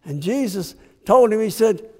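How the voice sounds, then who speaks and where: A man's voice: high-pitched, animated, moderate pace, darkish tone. A man preaching a sermon with passion, asking his congregation rhetorical questions. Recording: long hall reverb.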